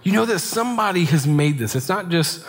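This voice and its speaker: A man in his thirties preaching a sermon in a relaxed, conversational way, full of asides and rhetorical "right?" checks. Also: on the high side, a little fast. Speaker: pastor. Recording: long hall reverb.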